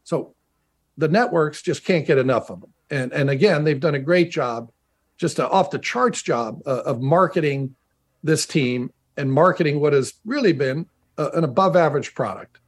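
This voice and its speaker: A middle-aged man, once a pro footballer and now a broadcaster, shares anecdotes during a remote video-call interview. He talks at a moderate pace in a voice on the high side, with chatty restarts and emphatic repetition.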